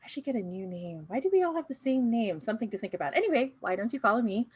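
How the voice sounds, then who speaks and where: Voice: medium pitch, big pitch swings, quick pace, darkish tone, husky, pitched above the performer's own voice. A woman voicing an upbeat, chatty clone officer who rambles in bubbly asides. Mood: chipper.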